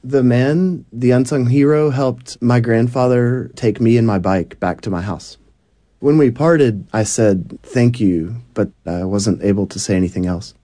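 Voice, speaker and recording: A man's voice: fairly low pitch, dark tone, no echo. A man interpreting a young woman's personal story into English for radio.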